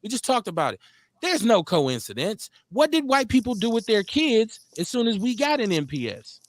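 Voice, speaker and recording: A man hosts a talk radio show, worked up and profane. He hammers his points with rhetorical questions. His voice sits high and sounds dry and close to the mic. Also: big pitch swings, moderate pace, no echo. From Milwaukee, Wisconsin. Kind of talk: heated political talk radio rant.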